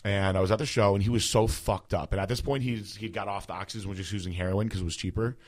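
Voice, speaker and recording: A man's voice: fairly low pitch, steady tone, fast. A man in his thirties telling a personal story in a casual, rambling way, full of fillers. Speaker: podcast host.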